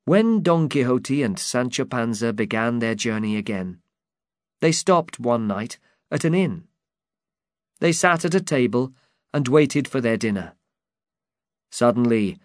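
Male storybook narrator, measured, unhurried, dry close sound. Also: mid-range voice, no room sound. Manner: slow, deliberate, even reading. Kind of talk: storybook reading.

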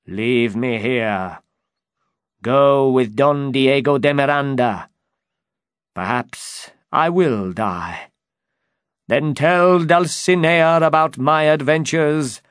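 A man's voice: mid-range voice, animated, slow, dry recording, clean studio sound. A man voicing a proud, deluded old knight who declaims boldly in a storybook reading. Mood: solemn. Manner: bold, commanding, declaiming.

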